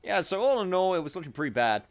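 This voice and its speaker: A man's voice: sits high, very animated, quick pace, a little hiss or hum. A man casually commenting on a game stream, joking and self-mocking. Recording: game music playing behind.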